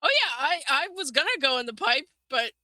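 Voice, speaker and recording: A woman's voice: high voice, animated, a little fast, sharp tone, dry recording. A woman playing in a tabletop game, talking in a friendly, chatty way. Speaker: player.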